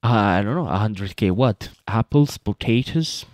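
A man's voice: fairly low pitch, expressive, normal speed, a little mellow, no room sound, clean studio sound. A man giving casual, rambling commentary over his gameplay, joking and talking to his viewers. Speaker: gaming YouTuber.

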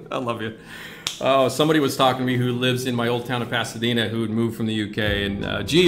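Racing along in a mid-range, level voice, a man from the United States teaches scale-model painting on a casual livestream. He's chatty and rambling, swears casually, and music can be clearly heard in the background.

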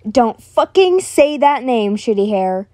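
Brief: woman voicing a foul-mouthed young king, snarling and loud, mellow tone, dry close sound. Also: fairly high pitch, sing-song, slow, dry recording. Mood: angry snarling. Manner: snarling, yelling insults.

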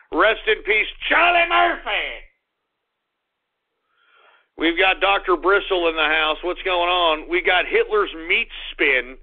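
Texan guy ranting on his internet radio show, kinda high voice, sounds like a phone line. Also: big pitch swings. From Texas. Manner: blustery, indignant, swings from slow drawn-out to fast ranting. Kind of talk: call-in radio talk show.

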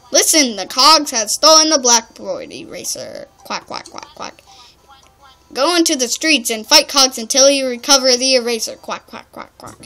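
A woman's voice: high voice, bright, forceful tone, full character voice. A young woman reading out a cartoon duck toon's quest lines in a game, tacking quacks onto each line. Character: chirpy cartoon duck toon giving a quest.

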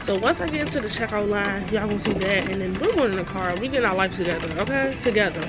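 This twenty-something vlogger has a mid-range voice and a fast pace, with loud music playing behind her. Filming herself, she chats casually to the camera, full of fillers and asides for her audience, first in a shop and later in her bedroom.

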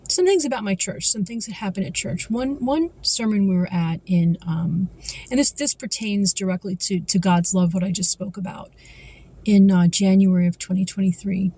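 Earnest woman, husky mellow voice. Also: medium pitch, low-quality recording. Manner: earnest, slows down for scripture. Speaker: Christian vlogger. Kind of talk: devotional talk with scripture reading.

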